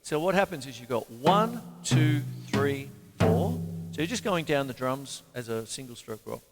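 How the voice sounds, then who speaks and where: A man's voice: medium pitch, big pitch swings, moderate pace, loud music behind the voice. An Australian man giving a casual drum lesson, rambling and chatty, counting beats aloud as he plays. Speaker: drum teacher. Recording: long reverb, loud drum kit behind. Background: drum kit playing.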